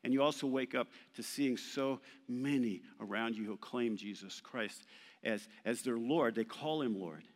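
A man's voice: medium pitch, unhurried. Man preaching in a reverberant hall. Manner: animated, emphatic preaching with playful asides. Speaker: pastor. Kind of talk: sermon. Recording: long reverb of a large hall.

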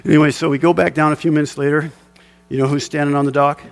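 Gravelly, higher-voiced male pastor preaching. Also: little pitch movement, fast, soft background music. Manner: impassioned preaching with chuckling asides. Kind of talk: sermon with personal storytelling.

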